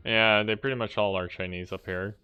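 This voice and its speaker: A man with a fairly low voice talks through a puzzle game as he plays, musing aloud and often correcting himself mid-thought. The game's music plays clearly behind him. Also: steady tone, brisk, dull audio. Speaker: streamer. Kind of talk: casual gameplay commentary.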